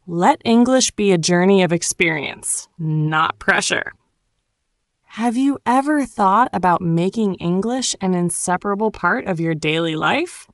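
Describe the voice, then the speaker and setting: A woman giving a scripted, encouraging English lesson in a calm, clearly enunciated way. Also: fairly low pitch, dry recording, clean studio sound. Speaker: English teacher. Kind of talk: scripted motivational narration.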